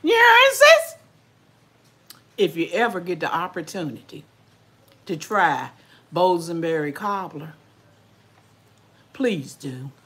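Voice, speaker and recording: A woman's voice: deep voice, slow pace, long pauses. An older woman, chatting casually with viewers while eating, folksy and talkative. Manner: folksy, chatty, talks with mouth full. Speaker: vlogger.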